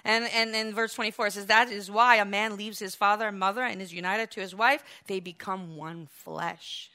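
A woman preaching a sermon, acting out the quoted biblical figures with lively, raised delivery. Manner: animated, acts out biblical quotes with raised pitch and volume.

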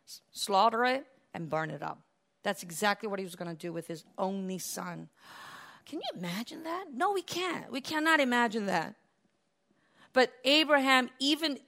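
A woman preaching a sermon, retelling scripture as a lively story with laughs and acted-out quotes. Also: mid-range voice.

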